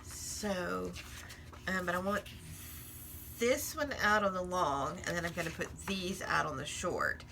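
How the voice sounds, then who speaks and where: A woman's voice: lowish voice, animated, unhurried, creaky, background noise. A woman in a casual crafting vlog, chatting and rambling while she works, often laughing at herself. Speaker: crafting vlogger.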